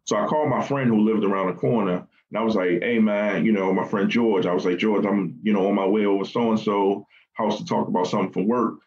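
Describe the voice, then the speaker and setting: A man recounting the morning he learned of his brother's death, speaking haltingly with many fillers and restarts as he quotes what others said. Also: on the low side, fairly even intonation, a little mellow, muffled recording. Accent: Baltimore. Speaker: guest recounting family loss. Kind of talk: personal storytelling in a podcast interview.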